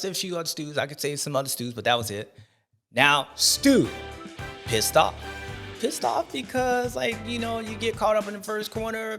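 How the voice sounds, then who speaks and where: A man hosting a casual sports recap show, talking in slangy, animated commentary with sudden loud outbursts. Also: fairly high pitch. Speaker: host.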